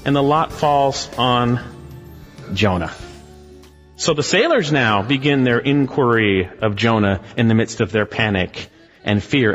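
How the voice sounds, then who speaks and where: A man's voice: mid-range voice, fairly bright tone. Emphatic preaching man in a hall. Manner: emphatic, dramatic preaching that acts out scenes. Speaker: pastor. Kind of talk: expository sermon.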